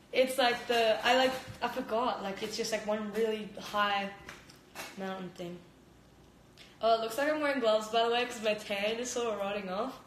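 Streaming live from her home kitchen, this young Australian fighter talks into her phone camera in a loose, rambling way, giggling and leaning heavily on "like." She speaks at normal speed in a slightly high voice. The room gives the audio a roomy echo, with slight background noise underneath.

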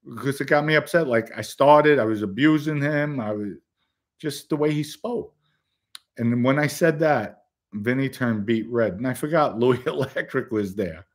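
A man spins a story for his live chat in a blunt, streetwise manner that rambles through fillers and side remarks. His voice sits at an ordinary pitch for a man. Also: moderate pace. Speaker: livestream host telling a story.

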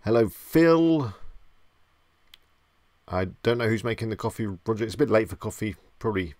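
A man's voice: lowish voice, fairly even intonation, racing, no room sound. A man hosting a casual live stream, chatty and self-deprecating, greeting viewers by name.

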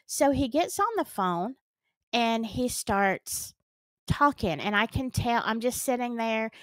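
A woman's voice: a little high, expressive, slow, no room sound. A middle-aged woman with a Southern US accent, earnestly and dramatically retelling a personal story on her vlog. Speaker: storytime vlogger.

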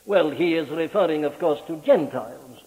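A man preaching a sermon in an impassioned, rhetorical way, his pitch sweeping up on key words. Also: moderate pace, a little mellow, long reverb tail, rough recording.

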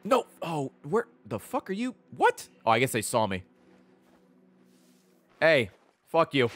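A man giving casual, profane commentary while streaming a video game, with excitable running reactions. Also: a little high, a little slow.

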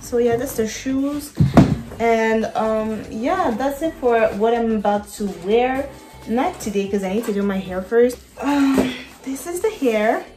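A woman talks slowly and casually to her viewers, stopping often with fillers as she hunts for words. Her voice rings in an echoey room. Music plays clearly behind her. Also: fairly high pitch, lively intonation. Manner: chatty, searches for words, many fillers. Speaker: art vlogger. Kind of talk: casual vlog chat to camera. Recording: roomy echo with background music. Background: music playing.

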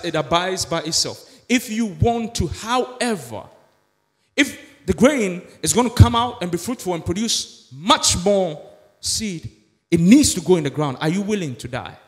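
A pastor preaching a sermon in a church, emphatic with many rhetorical questions. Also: male voice, high voice, animated, a little slow. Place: church sanctuary. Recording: echoey church hall.

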